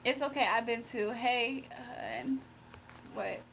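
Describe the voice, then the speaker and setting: A young woman from Virginia hosting a casual livestream, reading comments aloud, emotional and quick to laugh. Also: fairly high pitch, fairly even intonation, gravelly, fairly bright tone, slight background noise. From Virginia, USA. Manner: emotional, giggly, talks to chat. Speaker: livestream host.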